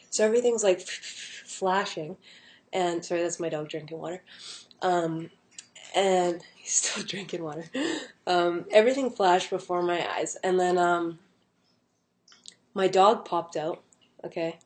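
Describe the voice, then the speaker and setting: Young woman rambling thru a personal story at home, kinda low voice, lots of um and like. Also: a little mellow. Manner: rambling, many fillers and restarts. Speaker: vlogger.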